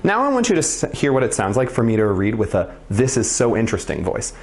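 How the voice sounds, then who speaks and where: A man's voice: medium pitch, huge pitch swings, quick pace. A man teaching children to read with expression, in a playful and encouraging way. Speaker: reading teacher. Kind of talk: video reading lesson for children.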